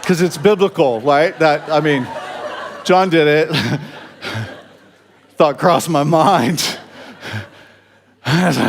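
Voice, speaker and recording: Chuckling pastor telling a story. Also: male voice, on the high side, extremely slow, long pauses, slight background noise. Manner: humorous, self-deprecating, chuckling asides; conversational, with fillers and restarts. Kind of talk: sermon storytelling.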